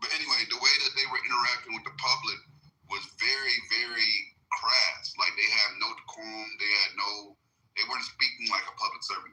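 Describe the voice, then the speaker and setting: A man talking animatedly in a loose group chat. His voice is very bright and forward, and it rings a little in a roomy space. He swears freely and pushes his voice up when he acts out what others said. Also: lowish voice, fairly even intonation, a little fast. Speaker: podcast host. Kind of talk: casual chat. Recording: roomy echo.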